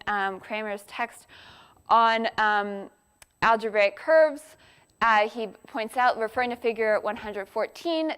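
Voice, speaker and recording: Woman, workshop speaker, academic talk, slightly high voice, smooth and clear, explanatory, frequent ums and restarts.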